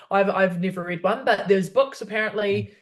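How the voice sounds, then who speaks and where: A woman's voice: mid-range voice, measured pace. Nz woman comedian chatting in an interview, friendly, upbeat, laughs a lot. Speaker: comedian guest. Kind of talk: casual interview chat.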